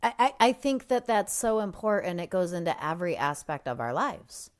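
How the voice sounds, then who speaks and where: This is a woman with a notably low-pitched voice hosting a casual podcast chat. She talks things through in a reflective way and leans on everyday examples to make her point. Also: big pitch swings, normal speed. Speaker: podcast co-host.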